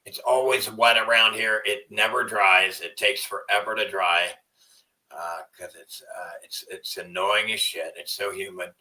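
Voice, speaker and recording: A man's voice: lowish voice, steady tone, measured pace, bright, forceful tone, far from the mic, low-quality recording. A man hosting a livestream in a rambling, profane way, often trailing off into mumbles. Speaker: livestream host. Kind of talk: casual livestream rant.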